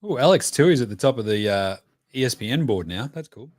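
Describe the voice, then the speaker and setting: An Australian man in his thirties reacting live as a host, profane and excitable, cheering and chanting at the screen between chatty stories. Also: medium pitch, fairly quick, no echo, studio quality. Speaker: podcast host.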